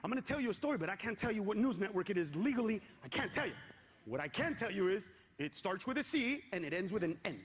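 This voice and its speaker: A man performing a stand-up comedy set on stage, punchy and loud, shouting his punchlines. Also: high voice, sing-song, fast talker. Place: comedy stage before a live audience. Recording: lo-fi live recording with crowd noise.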